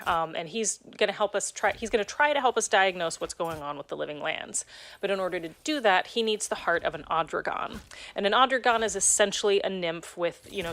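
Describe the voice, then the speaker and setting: A woman game director calmly explaining a game in a preview video. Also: on the low side. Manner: measured, explanatory.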